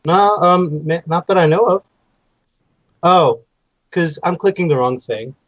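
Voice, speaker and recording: A man's voice: on the high side, a little slow, dry recording, highs cut off. A man playing a tabletop game, talking casually with lots of fillers and eager calls to act. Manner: hesitant, filler-heavy, eager. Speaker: player.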